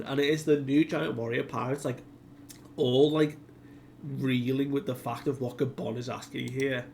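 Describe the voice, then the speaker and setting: A man's voice: mid-range voice, little pitch movement, normal speed, creaky, a little mellow, slight background noise. A man hosting a casual comic chapter recap, chatty and full of fillers, who acts out the characters' lines. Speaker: manga discussion video host.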